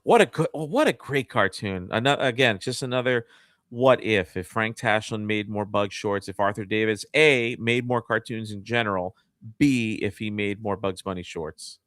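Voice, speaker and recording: A man's voice: normal speed, fairly bright tone, dry recording. Laughing bearded man, dry close sound. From New Jersey. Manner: laughs often, breaks into falsetto voice bits. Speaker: guest co-host. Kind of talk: casual chat.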